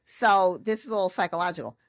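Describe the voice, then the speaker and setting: A woman's voice: fairly low pitch, brisk, dry recording. A woman speaking as a podcast guest, a sound therapist telling her story in casual conversation and acting out quotes in big voices.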